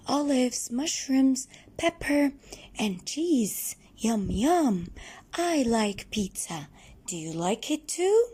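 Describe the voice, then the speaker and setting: Animated sing-song teacher woman. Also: fairly high pitch, slightly rough. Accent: Egyptian English. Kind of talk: children's phonics lesson.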